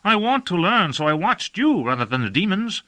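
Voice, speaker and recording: Bright, strained high voice of a cheeky young apprentice, as a male narrator puts him on, quick to protest and never quite respectful. He sounds eager and a little breathless in an audiobook reading. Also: very animated, exaggerated voice. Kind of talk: audiobook character voice.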